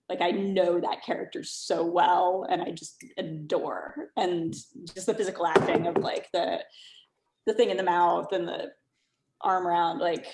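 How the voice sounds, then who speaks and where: A woman with a somewhat low voice gushes over her fellow players' performances, halting often on fillers and restarts. Her voice carries a noticeable room echo. The talk is casual and affectionate. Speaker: tabletop game player. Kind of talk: casual post-game feedback.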